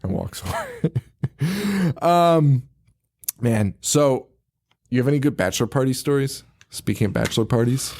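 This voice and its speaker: A man hosting a podcast gives a casual movie recap in a medium-pitched, slightly mellow voice that swings enormously in pitch. He speaks at a moderate pace, laughing often, swearing and acting out lines.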